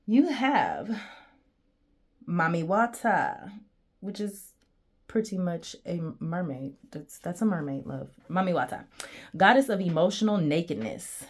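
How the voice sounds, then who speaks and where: A woman with a notably low-pitched voice talks through a tarot reading in a loose, chatty way. She wanders off on tangents and addresses her viewers directly as she goes. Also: lively intonation, moderate pace, a little mellow. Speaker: tarot reader.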